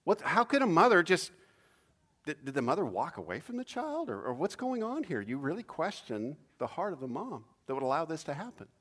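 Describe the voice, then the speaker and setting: A man preaching a sermon in an animated way, acting out cries with sudden loud, high bursts. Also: a little fast. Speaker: pastor.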